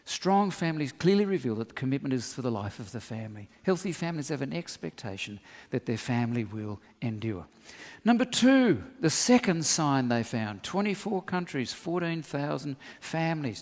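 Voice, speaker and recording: A middle-aged Australian man preaching a sermon as pastor, telling animated stories with humorous asides. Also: medium pitch. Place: church hall. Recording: long reverb of a church hall.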